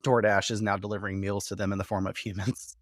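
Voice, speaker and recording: A man hosting a podcast who recaps a TV episode in a casual, profane and animated way, full of quoted asides. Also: lowish voice, fast, dry recording, clean studio sound. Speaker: podcast host.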